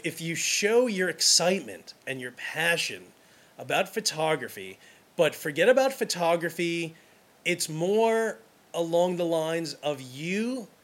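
Fairly high in pitch with a fairly bright tone, this man is a wedding photographer from Brooklyn, New York. He gives advice casually and enthusiastically, rambling and restarting along the way.

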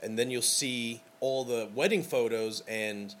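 A man's voice: medium pitch, a little slow, a bit bright, a little hiss or hum. A man hosting a casual podcast as a wedding photographer, talking in an enthusiastic, rambling way with lots of fillers.

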